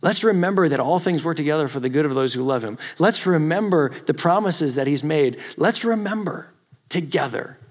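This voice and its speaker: A man preaching a youth ministry sermon, rising from quiet storytelling to impassioned, emphatic exhortation. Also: fairly high pitch, expressive, normal speed. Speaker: youth pastor. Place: church or youth hall.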